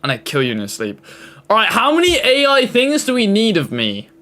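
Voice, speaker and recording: A man's voice: high-pitched, wildly swooping pitch, brisk, sharp tone. A man giving casual reaction commentary with a slightly raised voice. He jokes and sounds exasperated as he bounces between crude banter and mock complaints about clips of himself. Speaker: YouTuber reacting to fan-made clips.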